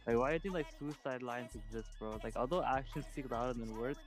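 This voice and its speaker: A man co-hosts a casual livestream podcast and cuts in with rapid remarks. His voice sits at an ordinary male pitch. Music plays clearly behind him. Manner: quick interjections.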